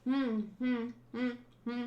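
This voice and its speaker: A woman's voice: on the high side, little pitch movement, takes it slowly, muffled recording. A young woman in her twenties hosting a casual manga readthrough, chatting and reacting as she reads. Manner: chatty, thinks aloud, reacts. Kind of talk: casual reading commentary.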